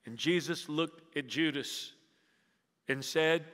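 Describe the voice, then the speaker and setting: Pastor guy, high bright voice, preaching dramatic, echoing around a big church. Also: slow. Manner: dramatic storytelling, swings from loud emphasis to hushed near-whispers; engages the congregation with questions and call-and-response. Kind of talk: sermon. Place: church sanctuary. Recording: long reverb of a church hall.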